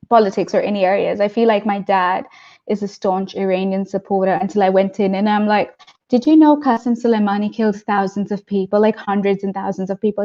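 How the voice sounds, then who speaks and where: A woman's voice: mid-range voice, mellow, dull audio. A woman guest in a casual interview, chatty, laughing often and acting out what people said. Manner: chatty, laughs often, acts out quoted voices.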